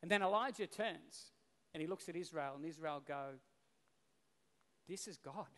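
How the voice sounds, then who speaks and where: A male pastor preaching a sermon, telling the story in an animated, casual way. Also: fairly high pitch, a little fast. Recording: long reverb in a hall.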